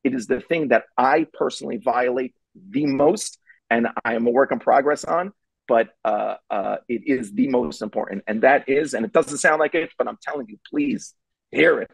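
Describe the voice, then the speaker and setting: A man's voice: mid-range voice, normal speed, creaky, slightly rough, no room sound, poor audio. A middle-aged man giving parenting advice as a guest, telling a story emphatically and repeating his key points.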